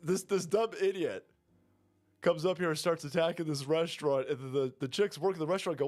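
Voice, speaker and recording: A man's voice: a little fast, a little mellow. A man giving ranting, profane political commentary, mocking the people he talks about. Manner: mocking, profane, mimics others in high voices.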